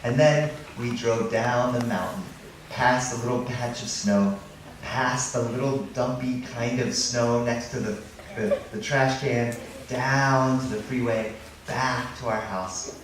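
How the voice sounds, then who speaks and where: A man telling a story out loud, playful and animated, sometimes dropping to a hush. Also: mid-range voice, a little slow. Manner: animated, playful, drops to hushed tones. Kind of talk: live storytelling. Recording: distant echoey mic with noise.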